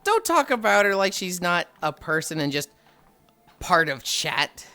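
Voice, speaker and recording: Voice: medium pitch, big pitch swings, measured pace, sharp tone. A livestreamer chatting casually with viewers, telling stories with frequent sighs and laughs. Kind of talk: casual live-stream chat.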